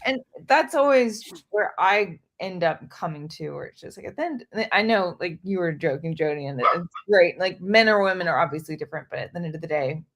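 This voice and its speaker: Woman, podcast co-host, casual chat, rambling, restarts, lowish voice. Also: expressive, a little fast, hardly any pauses, fairly bright tone. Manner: rambling, laughs often, many restarts.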